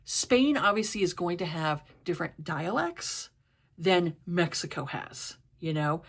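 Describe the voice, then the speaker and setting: A woman's voice: lowish voice, a bit bright. A woman from the New York area, chatting casually as a reviewer in a rambling way with lots of fillers. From East Coast of the US, New York area. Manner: rambling, many fillers like "you know" and "like". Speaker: book and TV reviewer. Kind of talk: casual chat.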